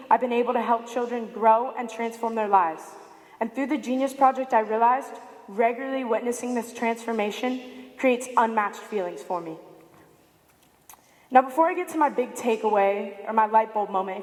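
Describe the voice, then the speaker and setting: A woman in her late teens giving a prepared speech to an audience, telling a story with animated delivery and acting out quoted lines. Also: a little high. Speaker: student speaker. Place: large high school arena. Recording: echoey arena with long reverb.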